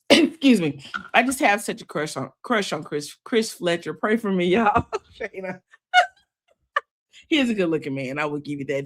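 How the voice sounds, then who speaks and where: A middle-aged woman hosting a recap show, chatting casually and with sass. She talks straight to her viewers and laughs often. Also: fairly low pitch. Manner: sassy, animated, quick to laugh. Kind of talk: casual opinionated chat.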